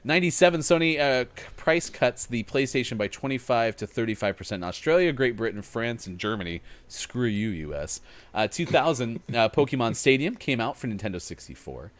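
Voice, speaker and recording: A man's voice: mid-range voice, expressive, a little fast, dry recording. Jokey male morning show host. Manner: jokey, rambling, reads gaming history list. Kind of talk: casual chat.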